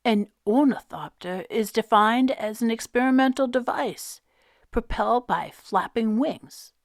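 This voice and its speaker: A woman's voice: on the high side, unhurried, no echo, studio quality, voice pushed up. A woman reading aloud and voicing a small, fiercely clever boy who speaks in formal, dictionary-like words. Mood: lecturing.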